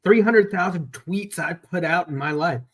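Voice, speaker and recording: A man's voice: sits high, normal speed. A man hosting a podcast over a video call, chatting casually and telling long, rambling anecdotes. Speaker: podcast host. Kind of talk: casual chat.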